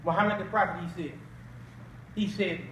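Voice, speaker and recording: Older male guest preacher with a very high voice, emphatic and questioning, recorded from afar in an echoey hall. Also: fairly even intonation, normal speed, noisy background. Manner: emphatic call-and-response with rhetorical questions. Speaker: guest speaker. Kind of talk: Islamic preaching at an awards banquet. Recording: echoey hall audio from a distant mic.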